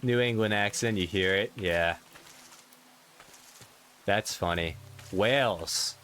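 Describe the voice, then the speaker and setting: Young man, very deep voice, relaxed chatty talk, faint hiss behind. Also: slow pace. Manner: relaxed, chatty, reacting aloud. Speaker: Minecraft YouTuber. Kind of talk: casual chat with viewers.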